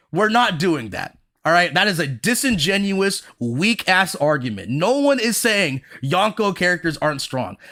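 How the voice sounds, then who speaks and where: High, bright-voiced man ranting. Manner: profane, animated, repeats himself, mocks others in quoted voices. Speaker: podcast host. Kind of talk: heated casual rant.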